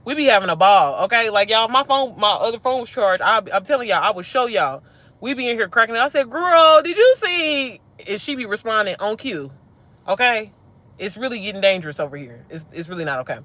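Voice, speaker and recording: A woman hosting a casual livestream, her voice bright and forward. She talks in an animated, slangy way, addressing her viewers directly like friends. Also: medium pitch, fast talker. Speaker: livestream host.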